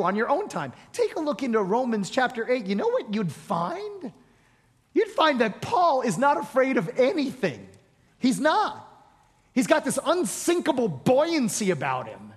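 High-voiced emphatic preacher in an echoing hall. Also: male voice. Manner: emphatic, repeats phrases for impact. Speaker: pastor. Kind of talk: sermon. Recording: long echoing reverb of a large hall.

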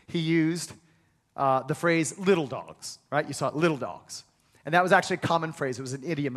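Male pastor, emphatic and repetitive sermon delivery with call-and-response, high voice, long church-hall reverb. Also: fairly bright tone. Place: church sanctuary.

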